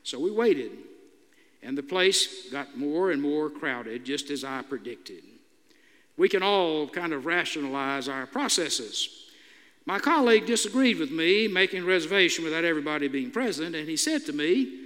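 A man's voice: a little high, animated, moderate pace, bright, forceful tone. A male pastor delivering a sermon, telling a story with dry humor, recorded in an echoey church hall.

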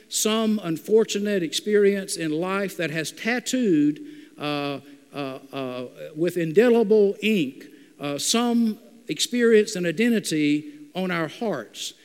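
A high-pitched male pastor delivers a sermon in a halting way, leaning on filler "uh"s. His voice rings out with a long echo, as if in a large church sanctuary. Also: clean tone. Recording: long reverb of a large hall.

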